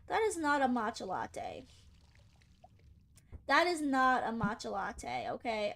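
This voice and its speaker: A young woman with a high voice chats casually through a game, teasing and sassing the characters on screen. Her commentary is playful, quick to joke and quick to complain. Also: big pitch swings, creaky. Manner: playful, sassy, talks back to game characters. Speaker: gaming channel host.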